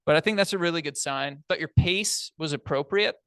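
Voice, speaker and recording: A man's voice: a little high, brisk, fairly bright tone, clear, resonant tone, dry recording. A man evaluating a speech in front of an audience in a large meeting room, talking in an encouraging, conversational, plain-spoken way.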